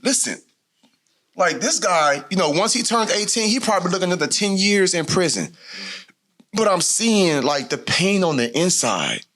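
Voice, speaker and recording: A man hosting a live podcast taping on a conference stage, telling a story in an animated way and acting out quotes. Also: high-pitched, normal speed. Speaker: podcast host.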